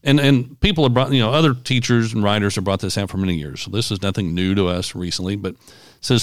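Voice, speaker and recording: Smooth low-voiced man teaching on a podcast. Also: dry recording, studio quality. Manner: measured, explanatory. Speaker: podcast host, Bible teacher. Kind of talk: casual podcast chat with Bible teaching.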